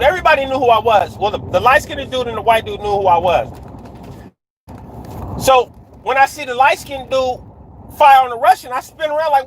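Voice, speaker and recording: This man is livestreaming from his car on a dark road at night, his very high, fairly bright voice lively in intonation at a moderate pace, with long pauses. He tells his story in street slang with frequent "right?" tags and greets viewers mid-story. The recording is rough, with slight background noise.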